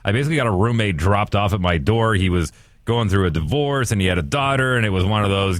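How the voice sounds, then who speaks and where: A low-voiced man chats easily on a podcast, reacting to his co-host and then drifting into his own anecdotes. His voice sits close and dry on the mic, with no room sound. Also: animated, quick pace, dry recording. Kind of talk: casual chat.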